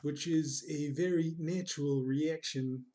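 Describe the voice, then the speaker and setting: A man's voice: fairly high pitch, steady tone, a little slow, dark tone, lightly acted. A man putting on a put-on Australian accent, voicing a male wildlife show host with over-the-top documentary narration. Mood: mock-solemn. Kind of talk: jokey impression during a drawing stream.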